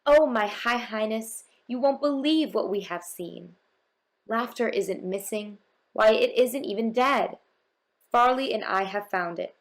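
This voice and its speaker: A woman voicing a kind, hopeful male court jester in a storybook reading, gentle and coaxing. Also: medium pitch, measured pace, vocal fry. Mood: excited.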